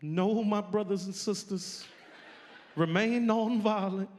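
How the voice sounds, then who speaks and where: A high, drawn-out preacher voice that stays calm no matter what. The delivery is slow and lofty, put on by a stand-up comedian in a live show. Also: male voice. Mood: preachy. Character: civil rights preacher, solemn and unshakably calm.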